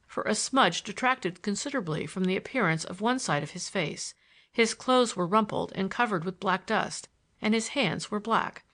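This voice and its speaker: A woman narrating an audiobook in an expressive reading voice. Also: fairly low pitch, moderate pace. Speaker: audiobook reader. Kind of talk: storybook narration.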